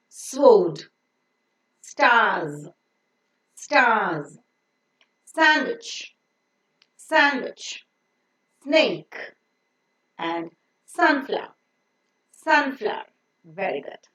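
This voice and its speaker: A woman teaching phonics to children, drilling letter sounds and repeating example words slowly and carefully. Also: fairly high pitch, roomy sound. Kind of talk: pronunciation lesson for children.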